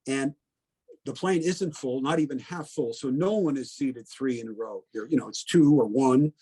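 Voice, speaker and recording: An older man in his seventies, originally from Connecticut, shares his memories in an unhurried oral history interview. His voice sits at an ordinary middle pitch. He is plainspoken and sometimes blunt, stopping to think and correct himself as he tells it in the present tense. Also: dark tone, husky. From Connecticut, USA. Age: 70s. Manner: plainspoken, blunt, reflective, with many "um"s and "you know"s. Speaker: veteran interviewee.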